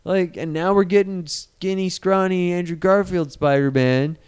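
Animated, sarcastic man with a smooth voice. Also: high voice, a little slow. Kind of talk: casual profane banter.

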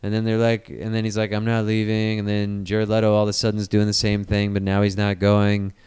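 Animated, sarcastic man with a smooth voice. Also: lowish voice, brisk. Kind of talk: casual profane banter.

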